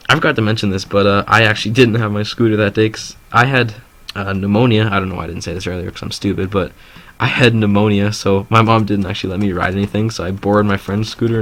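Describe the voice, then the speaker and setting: A man's voice: fairly low pitch, slight background noise. A teenage boy telling a story casually, rambling with lots of fillers and laughing often.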